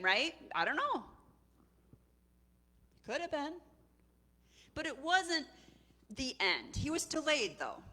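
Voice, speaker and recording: Bright-voiced woman preaching animatedly. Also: high-pitched. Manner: animated, conversational storytelling with acted voices. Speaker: executive director and preacher. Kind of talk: sermon.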